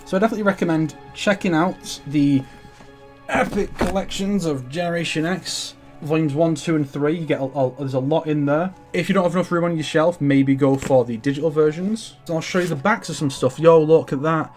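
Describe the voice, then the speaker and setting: A young comics vlogger with a slightly high voice talks fairly quickly over faint background music. He's showing off his comic collection in a casual, enthusiastic ramble, swearing freely and stumbling through lots of restarts.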